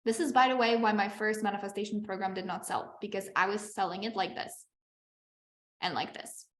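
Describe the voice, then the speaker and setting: A woman's voice: mid-range voice, steady tone, a little fast, roomy sound. A woman business coach teaching a live online masterclass over a video call. She talks in a chatty, encouraging way, often checking in with "okay?".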